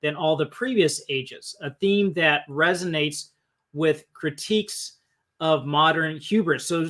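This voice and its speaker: A man's voice: on the high side, fairly bright tone. A man hosting a live-stream film discussion, thinking aloud and often restarting his sentences. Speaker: host.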